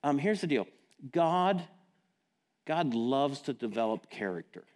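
A man's voice: medium pitch, very animated, unhurried, darkish tone. A man preaching a sermon in a casual, direct, plain-spoken way, often asking his listeners questions. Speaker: pastor. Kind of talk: conversational sermon.

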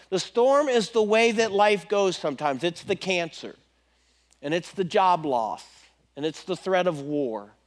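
A man preaching a sermon in a conversational, animated way, often repeating questions to his listeners. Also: high-pitched.

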